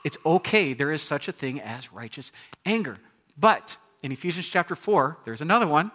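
A man preaching a sermon, animated, acting out voices and swinging from loud exclamations to hushed, quiet lines. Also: on the high side, moderate pace. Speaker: pastor. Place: church.

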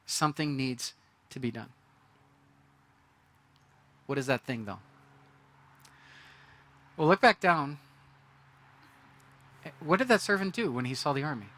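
A man's voice: medium pitch, lively intonation, unhurried, pauses often, bright, forceful tone. A man preaching a sermon in a conversational way, acting out the reactions of the people in his story. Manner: conversational, acts out quoted reactions. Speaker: pastor.

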